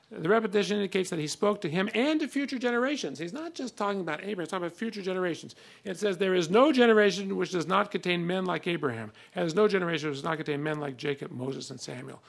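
A man's voice: on the high side, gravelly. A man giving a conversational classroom lecture on old texts, reading passages aloud with emphasis between many fillers.

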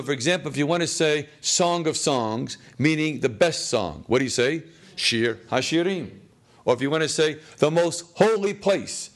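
Male teacher, slightly raised pitch, quizzing a class, wry asides, classroom lecture. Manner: questioning, answers his own questions; jokey, chuckles at his own lines. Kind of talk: classroom text study lecture. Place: classroom with students.

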